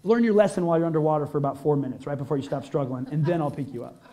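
A man voicing a calm male teacher who speaks in a dry, mock-stern way, lower and quieter. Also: rapid-fire, natural voice.

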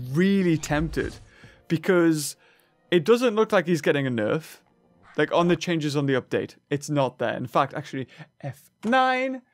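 A young man chatting casually through a mobile dinosaur game, excitable and rambling with lots of fillers. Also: a little high, no room sound. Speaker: gaming YouTuber.

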